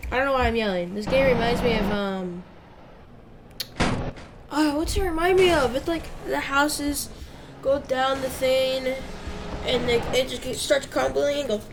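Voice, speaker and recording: A woman's voice: high-pitched, measured pace, long pauses, heavy background noise. A young woman giving casual, rambling commentary while playing a driving game, yelping and shrieking at the crashes. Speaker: gamer.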